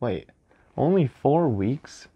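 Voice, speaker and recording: A young man with a husky, mid-range voice speaks slowly while hosting a casual unboxing vlog. He's animated and jokey, often poking fun at himself.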